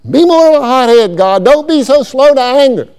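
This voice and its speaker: A man voicing an angry, hotheaded male prophet who shouts his complaints at God. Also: extremely high pitch, normal speed, clean tone, pitched above the performer's own voice. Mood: indignant.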